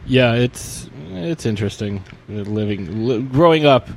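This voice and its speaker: A man's voice: mid-range voice, expressive, unhurried, a little mellow, slight background noise. Rambling man telling a story on a podcast. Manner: rambling, with many restarts and fillers. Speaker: podcast co-host. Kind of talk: casual chat, storytelling.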